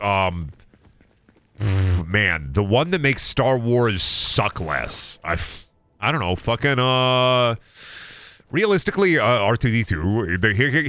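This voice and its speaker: A man's voice: fairly low pitch, a bit bright, no room sound. A man streaming a video game live, rambling and mocking his chat and opponents, with lots of swearing. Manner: rambling, self-interrupting. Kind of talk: live gaming commentary.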